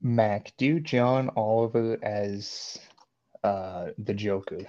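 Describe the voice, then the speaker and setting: A man's voice: on the low side, takes it slowly, darkish tone, muffled recording. A man co-hosting a casual comedy chat, laughing often and setting up bits for the others. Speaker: podcast co-host.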